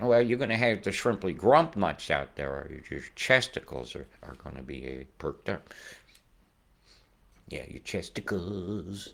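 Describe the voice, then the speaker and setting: A rambling, swearing man with a low voice. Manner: swears freely, swings from mumbling to loud outbursts. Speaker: weather video host. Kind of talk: rambling conspiracy weather commentary.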